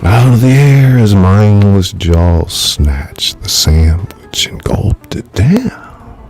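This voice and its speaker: A man, an author, reading his own thriller novel aloud in measured, dramatic storytelling. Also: lowish voice, expressive, darkish tone, faint music behind. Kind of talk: live audiobook narration.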